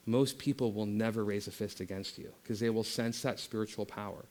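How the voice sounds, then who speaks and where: Impassioned man giving a spiritual talk. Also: medium pitch. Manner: impassioned, rising loud in exhortation, dropping soft for meditation. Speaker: guest speaker at a spiritual center. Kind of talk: spiritual talk and guided meditation.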